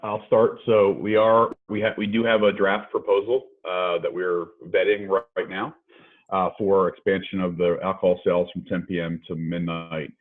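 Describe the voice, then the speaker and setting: Man, low voice, monotone, phone-quality audio, deliberate official answers. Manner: deliberate, explanatory. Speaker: health officer. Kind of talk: press briefing answers. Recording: tinny phone-like call line.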